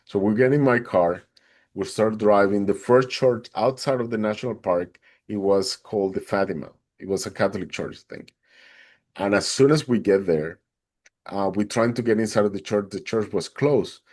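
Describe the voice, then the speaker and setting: A man, a podcast guest, recounting a personal experience in an animated way and acting out the others' lines. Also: fairly low pitch, moderate pace. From Atlanta, Georgia, USA. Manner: animated, acts out the other people's lines in a raised voice. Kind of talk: personal storytelling.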